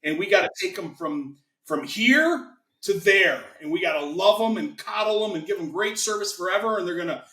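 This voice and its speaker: A chatty, enthusiastic American man pitching his business as a guest, his voice pitched a little high. He sounds like he's in a roomy, echoing space, talking loosely and casually. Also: sharp tone. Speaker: guest, financing consultant. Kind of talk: casual interview chat.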